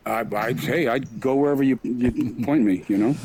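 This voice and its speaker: A man's voice: medium pitch, normal speed. A man, a guest actor, chatting and joking with fans in a casual question and answer. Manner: jokey, friendly banter. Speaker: guest actor at a virtual meet and greet. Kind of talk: casual Q&A chat. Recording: voice chat with crowd chatter behind. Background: crowd chatter.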